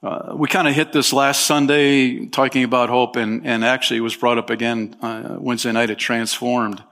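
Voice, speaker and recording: A man preaches a Sunday sermon as the church's pastor. He talks conversationally, dropping in fillers and restarts, and lifts his voice for emphasis. His voice sits at an ordinary middle pitch. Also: flat delivery, moderate pace, gravelly, fairly bright tone.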